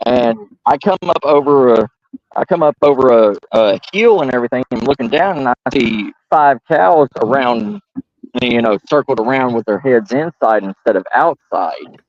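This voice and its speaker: A man's voice: medium pitch, animated, a little mellow, dry recording, lo-fi sound. Rambling man telling a story. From Georgia, US. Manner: halting, rambling, many restarts and fillers. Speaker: storyteller host. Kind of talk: casual storytelling by a firepit. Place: outdoors by a firepit.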